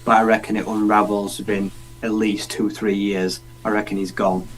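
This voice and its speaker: A man's voice: on the low side, level tone, normal speed, low-quality recording. A man from the United Kingdom co-hosting a casual sports podcast, giving blunt opinions and swearing casually. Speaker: podcast co-host.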